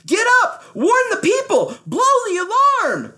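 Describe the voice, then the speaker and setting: A woman voicing a frantic, brave young boy who shouts warnings in a high, breathless voice. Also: wildly swooping pitch, unhurried, exaggerated voice. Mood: alarmed.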